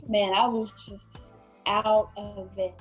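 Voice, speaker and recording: A woman's voice: medium pitch, little pitch movement, takes it slowly, soft background music. A young woman, a podcast guest telling a story casually with many fillers.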